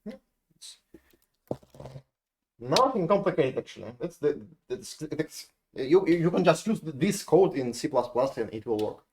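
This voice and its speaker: Russian-accented man lecturing with lively pitch. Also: measured pace, slight background noise. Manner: restarts and repeats words while working through examples. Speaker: university lecturer. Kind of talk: live lecture explaining code.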